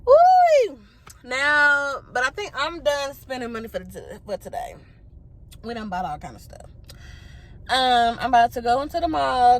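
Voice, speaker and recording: A woman's voice: on the high side, a little hiss or hum. A woman vlogging casually while out shopping, chatty and exclamatory, a bit out of breath. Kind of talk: casual vlog chat.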